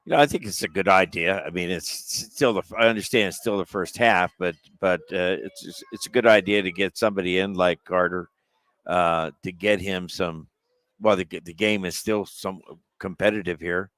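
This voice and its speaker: A man with a very deep voice gives color commentary on a football game. He breaks down plays in a relaxed, analytical way, often pausing and restarting mid-thought. The sound is dry and close. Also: no room sound. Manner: relaxed, analytical, halting explanations.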